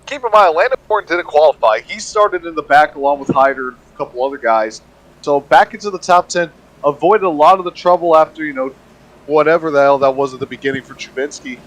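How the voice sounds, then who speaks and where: A man co-commentating a sim race with joking banter and lively race calls. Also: fairly high pitch, fast talker, poor audio. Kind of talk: casual sim-racing commentary.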